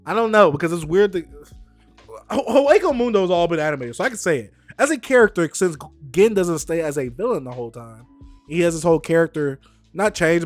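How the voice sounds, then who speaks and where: Brief: male streamer host, higher pitch, swings his pitch widely, dry close sound, teasing and emphatic. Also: no echo. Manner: animated, emphatic, teasing banter. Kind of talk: casual group chat on a stream.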